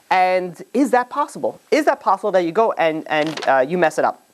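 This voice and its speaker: A man, a rabbi, giving a conversational lecture to a live group, animated and jokey, with many fillers and restarts. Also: high-pitched, a little fast. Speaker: rabbi teaching a class.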